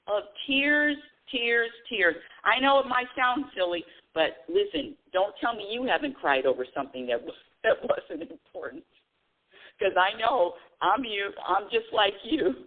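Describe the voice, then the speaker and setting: Middle-aged woman, radio host, spiritual call-in talk, lively swooping pitch, tinny phone-line sound. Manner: animated, laughing often, quoting herself dramatically.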